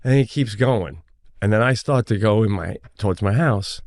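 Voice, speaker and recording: A middle-aged man co-hosting a podcast, telling a story in a casual, animated way, swearing freely and acting out the people in it. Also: on the low side, moderate pace, no room sound, studio quality. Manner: animated, profane, acts out the people in his stories. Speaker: podcast co-host.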